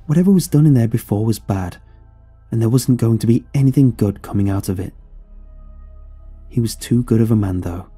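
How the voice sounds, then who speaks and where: A man narrating a scripted horror story with a very dark, mellow and husky voice pitched on the low side. He tells it in a somber, measured way, with faint music underneath.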